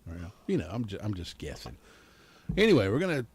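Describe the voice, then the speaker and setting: A middle-aged man hosting a small-town morning radio show, folksy and full of jokes. His pitch swings around a lot as he chats, with a faint hum of ambience behind him. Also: big pitch swings, brisk. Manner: folksy, joking, chatty. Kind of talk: casual radio chat. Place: radio studio.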